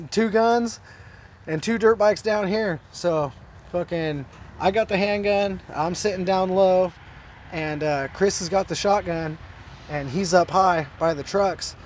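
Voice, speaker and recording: A man, a podcast guest, telling a story in a casual, animated way, full of swearing and rambling asides. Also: sits high, slight background noise.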